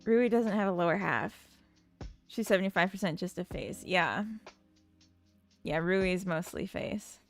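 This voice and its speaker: Woman streamer, slow relaxed delivery, gravelly fry, lowish voice, soft music behind. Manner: unhurried, chats with viewers and reads their comments. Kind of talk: casual chat while coding on stream.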